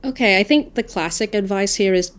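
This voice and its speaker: An Australian woman, an audiobook narrator and dialect coach, chatting casually on a podcast with lively asides and quick self-corrections. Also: medium pitch.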